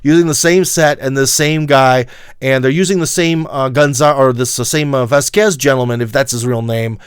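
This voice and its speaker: Livestream host: Midwestern American man, rambling and emphatic, smooth dry voice, close to the mic. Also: medium pitch, fairly even intonation, normal speed, dry recording. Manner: rambling, many fillers, emphatic asides to viewers. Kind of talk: casual livestream monologue.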